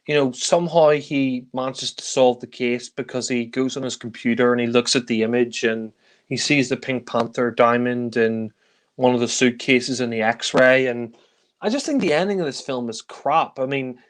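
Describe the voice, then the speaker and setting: A man giving a casual spoken film review, blunt and critical, with frequent sighs and filler words. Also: mid-range voice.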